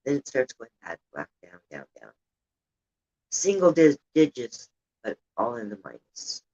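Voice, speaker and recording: A rumbling low, sing-song voice, mellow and slightly rough, comes at a measured pace through dull audio. It belongs to an older woman hosting a chatty, wandering livestream from home with a heater on, who gets indignant about politics at times.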